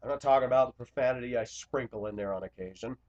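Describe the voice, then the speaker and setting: A man speaking to camera in an impassioned confessional monologue, blunt and confrontational, swinging between loud outbursts and quiet asides. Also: medium pitch, quick pace. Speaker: Christian video blogger. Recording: dull lo-fi recording.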